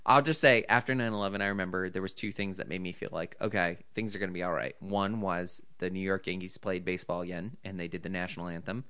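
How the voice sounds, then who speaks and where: A man's voice: low-pitched, steady tone, fast, few pauses, pushed and bright, smooth, no room sound. A man in casual chat, blunt and wry, with frequent swearing. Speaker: podcast co-host.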